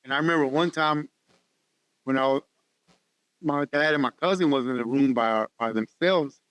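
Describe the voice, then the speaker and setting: Man, personal testimony, earnest, halting, resonant voice, dry close mic. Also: medium pitch, fairly bright tone, clean tone, no echo. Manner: halting, repeats words, earnest storytelling. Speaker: guest sharing testimony. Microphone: podcast studio mic.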